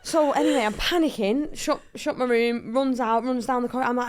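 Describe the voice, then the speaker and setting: A woman co-hosting a podcast, telling stories with animated quoted dialogue in casual chat. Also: a little high, fairly quick. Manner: animated storytelling, acting out quotes. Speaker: co-host, footballer.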